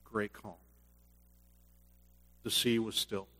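A man preaching a sermon as pastor, earnest, swinging from loud bursts to hushed quiet, then leading a closing prayer. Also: on the low side, level tone, takes it slowly, breathy edge, big-room sound.

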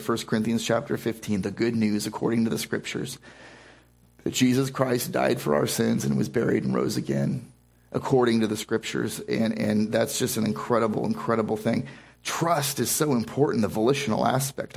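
A man's voice: medium pitch, steady tone, normal speed, gravelly, slightly rough. A man preaching a sermon to a congregation as pastor, speaking emphatically and often repeating words and restarting phrases. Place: church service before a congregation.

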